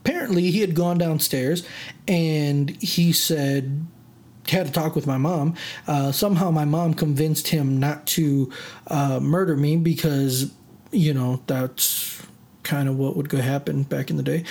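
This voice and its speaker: A vlogger telling a personal story in a casual rant, animated and dramatic, with many fillers and restarts. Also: medium pitch.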